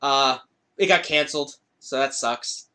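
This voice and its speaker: A man's voice: medium pitch, measured pace, pushed and bright, smooth. A man co-hosting a podcast in casual chat, blunt and playfully opinionated, swearing freely. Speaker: podcast co-host.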